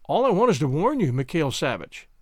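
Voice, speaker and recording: A man's voice: a little high, very animated, fairly quick, darkish tone, no echo, studio quality. A man doing a fretful prim old schoolmaster. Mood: fretful lecturing. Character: fussy anxious middle-aged male schoolmaster.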